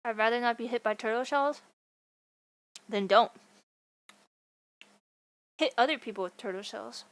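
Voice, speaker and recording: Young woman, livestreamer, high voice, playful, goofy, casual chat. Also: a little slow. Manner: playful and goofy, laughs often.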